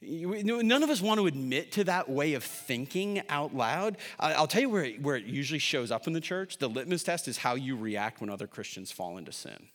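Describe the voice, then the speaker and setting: Animated pastor preaching in a reverberant hall. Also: male voice, medium pitch, fairly quick, few pauses. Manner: animated and conversational, jokey asides, constant "right?" tags. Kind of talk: sermon. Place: large church hall.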